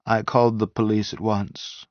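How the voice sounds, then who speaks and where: A man's voice: lowish voice, level tone, moderate pace, no echo, pitched above the performer's own voice, close to an everyday voice. A tense, shaken woman, voiced by a male narrator in an audiobook; dull, lo-fi recording. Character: shaken woman reporting a body. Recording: dull dry lo-fi sound.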